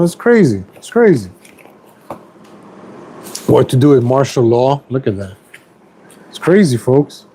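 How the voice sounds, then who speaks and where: In a rough recording with a little hiss or hum, a middle-aged man with a mid-range, dark voice rants angrily on a casual political stream from home. He is a YouTube streamer who rambles, repeats himself, and seems furious at everything.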